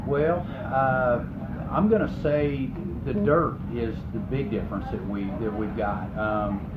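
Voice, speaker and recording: A man's voice: medium pitch, takes it slowly. A man from Northwest Arkansas. He answers interview questions in a hesitant, plain-spoken way and often repeats words. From Northwest Arkansas, USA. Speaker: racing driver guest. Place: outdoor speedway. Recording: tinny phone-like sound, echoey, loud noise.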